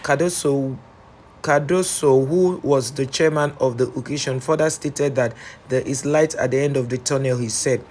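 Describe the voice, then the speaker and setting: A man's voice: mid-range voice, steady tone, normal speed, a little mellow, slight background noise. A man with a Nigerian accent giving casual, sarcastic news commentary on a vlog, breaking off to read news reports aloud. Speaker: commentary vlogger.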